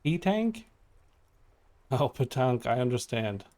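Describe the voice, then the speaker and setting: A man's voice: mid-range voice, very animated, unhurried, darkish tone. A young man giving chatty, giggly commentary while streaming a game and reading choices aloud. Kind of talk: casual gaming commentary.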